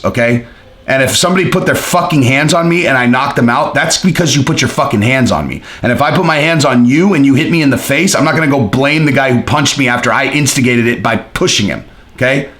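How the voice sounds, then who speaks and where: A man's voice: medium pitch, brisk, a bit bright, reverberant. A man hosting a casual commentary video, talking bluntly and profanely with lots of fillers and restarts. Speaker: commentary host.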